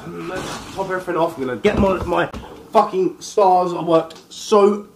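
A man playing a party video game, complaining loudly and swearing nonstop. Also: sits high, steady tone, moderate pace, reverberant, slight background noise. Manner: frustrated, swears constantly. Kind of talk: casual gaming commentary.

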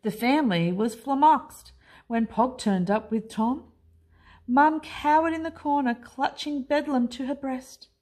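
A woman teacher reading a children's picture book aloud in an expressive, unhurried way. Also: high-pitched. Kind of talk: storybook read-aloud.

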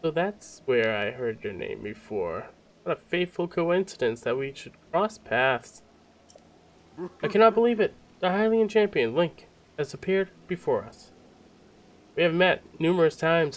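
A man reading game dialogue aloud as a huge, warm old fish-folk king, speaking in a grand, theatrical way. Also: on the high side, pitched above the performer's own voice, lightly acted.

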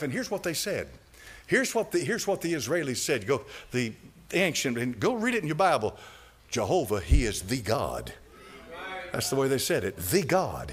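A pastor preaches a fiery, dramatic sermon, swinging between loud cries and low asides and chuckling along the way.

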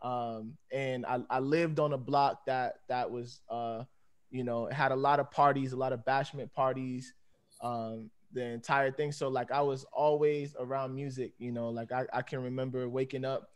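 A man's voice: medium pitch, fairly even intonation, normal speed, smooth. A man in his thirties talking casually on a panel over a video call, rambling and laid-back and laughing often. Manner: laid-back, rambling, peppered with "you know what I'm saying". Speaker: dancer on a panel.

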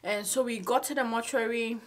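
A woman in her twenties telling a personal story in a vlog, halting and emotional, fighting back tears. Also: a little high, fairly even intonation. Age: 20s. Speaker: vlogger. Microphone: phone camera.

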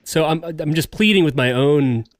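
A man's voice: a little high, normal speed, no room sound, studio quality. A man hosting a podcast conversation, speaking earnestly and pleading with his listeners. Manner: earnest, pleading, many short backchannels. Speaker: podcast host. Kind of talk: casual conversation.

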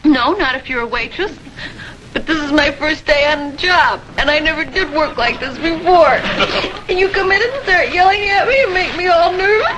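A woman's voice: high-pitched, expressive, normal speed. An actress playing a nervous, ditzy young waitress on her first day in a 1970s TV sitcom. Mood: flustered. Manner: ditzy, flustered. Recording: noisy old TV broadcast recording.

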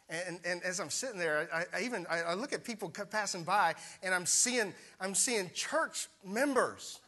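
Bright-voiced man preaching a story. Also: high voice, normal speed, few pauses. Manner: conversational storytelling preacher, asks the congregation questions. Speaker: pastor. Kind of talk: sermon.

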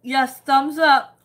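A woman hosting a casual cooking livestream, reading viewer comments aloud, chatty and quick to laugh. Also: high voice, fairly bright tone.

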